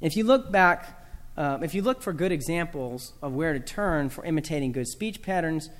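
A man's voice: a little high, animated, moderate pace, long reverb tail. A man from the American South giving a talk to a live audience about teaching children proper speech, with dry humor and spoken examples.

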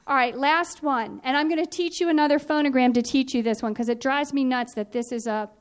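A woman teaching a phonics and spelling workshop, explaining in a clear, patient, instructive way. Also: sits high, steady tone, a little fast.

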